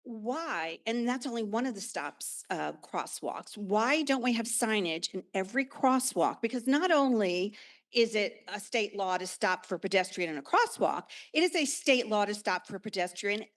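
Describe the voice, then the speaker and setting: A woman's voice: mid-range voice, expressive, normal speed, fairly bright tone. An older woman, a longtime resident, giving a frustrated but polite comment at a town meeting.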